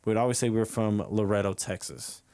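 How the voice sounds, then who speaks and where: A man's voice: lowish voice, fairly even intonation, fairly quick, darkish tone, clear, resonant tone. Young man, stand-up comic, rambling story, lots of fillers, laughs at himself, comedy club open mic.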